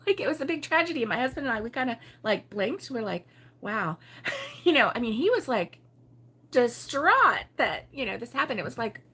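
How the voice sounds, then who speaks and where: A woman from Baltimore hosting a relaxed morning livestream, chatting and giggling as she reads viewer comments aloud. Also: on the high side, a little fast, breathy edge. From Baltimore, USA. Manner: chatty and giggly, with frequent fillers and laughs. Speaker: host of a crochet livestream. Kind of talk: casual morning chat reading viewer comments.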